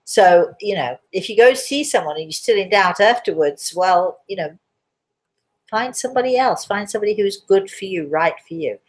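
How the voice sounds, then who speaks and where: A hoarse woman with a cough, hosting a live spiritual Q&A, chatty and reassuring, calling listeners darling. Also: mid-range voice, expressive, moderate pace. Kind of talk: live-stream chat answering viewers.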